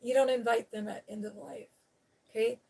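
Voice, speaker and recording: A woman's voice: fairly high pitch, big pitch swings, normal speed, gravelly, a little mellow, breathy edge. A woman hosting a live stream talks in a loose, candid way. She rambles through a personal story, tucking "you know" and "okay?" into her sentences and laughing now and then. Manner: laughs while talking. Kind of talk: casual chat.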